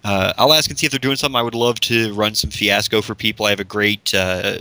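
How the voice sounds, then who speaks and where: A man co-hosting a podcast, talking enthusiastically in a halting way with many restarts. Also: fairly low pitch, fairly even intonation, bright, forceful tone, no echo. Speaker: podcast co-host. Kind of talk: casual podcast chat.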